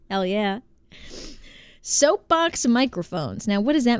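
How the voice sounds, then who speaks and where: A woman's voice: mid-range voice, very animated, takes it slowly, pauses often, clean tone, dry recording, studio quality. A woman with an American accent, chatting casually on a live stream, bubbly and greeting viewers by name. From United States.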